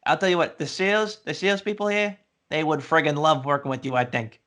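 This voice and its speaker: A man's voice: fairly high pitch, steady tone, brisk, a bit bright, natural voice. A man playing a brash, salesy hiring manager in a comedy sketch who repeats himself, talking over a video call.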